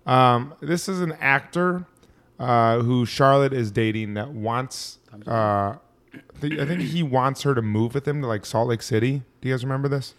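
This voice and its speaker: A man's voice: mid-range voice, moderate pace. Rambling male podcast co-host. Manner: loose and rambling, lots of fillers. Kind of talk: casual chat, recapping episodes.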